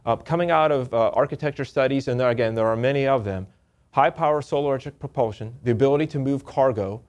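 A man giving a technical presentation to an audience, often restarting and repeating words in a halting, upbeat way. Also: mid-range voice, darkish tone, dull audio.

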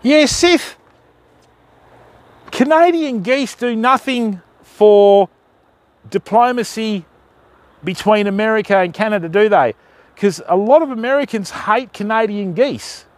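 Australian man, live streamer, high-pitched, dry close sound, relaxed matey chat with viewers. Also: a little slow, dry recording. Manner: chatty, matey, addresses viewers as fam. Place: outdoors at night by the water in rain.

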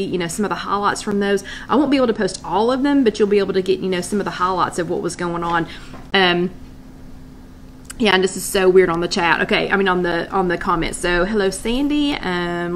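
A woman's voice: fairly low pitch, a little fast, a little hiss or hum. A woman hosting a casual live chat from her loft, greeting viewers by name and thinking aloud as she reads comments. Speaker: host of a live wellness chat.

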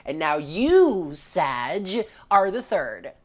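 Woman, tarot reader, low voice, tearful, emotional, swears casually, calls listener honey. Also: expressive, a little slow. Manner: emotional, close to tears, swears freely. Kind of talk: tarot reading for viewers.

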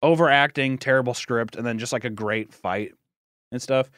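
A man co-hosting a podcast in casual chat, animated and often laughing, acting out film lines as he talks. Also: mid-range voice, moderate pace, smooth, no echo, clean studio sound. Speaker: podcast co-host.

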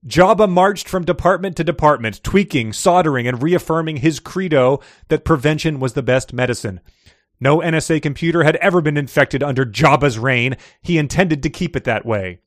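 A man's voice: fairly high pitch, moderate pace, no room sound, studio quality. A man co-hosting a casual podcast, reading fiction excerpts aloud with light character voices and frequent laughter.

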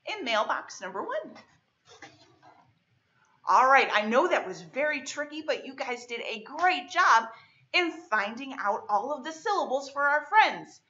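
Animated high-voiced woman leading kids' storytime. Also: dull audio. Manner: slow, exaggerated clapping of syllables; sing-song, cheerful teacher voice addressing young kids. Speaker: children's librarian leading storytime. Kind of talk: children's storytime lesson.

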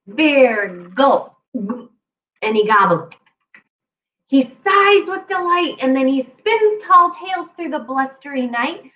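Children's librarian reading aloud to kids, unhurried and animated. Slightly muffled recording. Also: female voice, sits high. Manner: animated, playful, talks to young kids.

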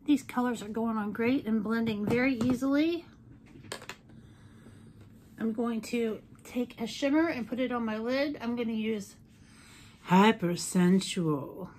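A woman's voice: on the high side, unhurried, a little mellow, a little hiss or hum. A woman chatting through a makeup tutorial, playful and talkative, with jokey asides. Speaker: beauty vlogger. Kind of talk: casual makeup tutorial chat.

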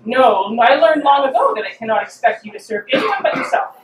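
A woman's voice: high voice, very animated, fairly quick, recorded from a distance. Woman doing a tired old witch, defiant and resentful, echoey hall sound. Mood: cool. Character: weary, defiant old female witch and herbalist. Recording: roomy hall, mic from afar.

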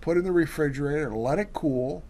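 A man's voice: on the high side, quick pace, darkish tone. A man co-hosting a casual cooking show, walking through recipes step by step with many fillers and restarts.

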